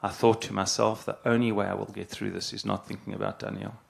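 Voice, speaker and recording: Gravelly low-voiced middle-aged rabbi. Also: male voice, little pitch movement. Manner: earnest, halting, repeats phrases for emphasis. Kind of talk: reflective spoken address.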